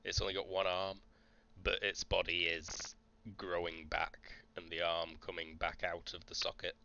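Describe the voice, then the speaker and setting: A man running a tabletop role-playing game as game master, narrating the action at an unhurried pace. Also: sits low, monotone, gravelly, sharp tone, lo-fi sound, a little hiss or hum.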